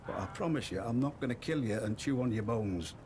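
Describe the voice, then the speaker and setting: A man's voice: medium pitch, lively intonation, fairly quick, background noise, natural voice. An actor playing a wary, chatty male woodland trader with a northern English accent touched by Liverpool. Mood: wry. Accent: northern English with Liverpool hints. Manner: folksy, wary, chatty storyteller.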